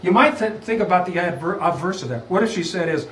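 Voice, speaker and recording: Animated man lecturing in an echoey room. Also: high voice, quick pace, few pauses, slight background noise. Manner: emphatic, rhetorical questions, animated. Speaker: visiting law lecturer. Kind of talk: lunchtime law lecture. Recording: echoey room, far from mic.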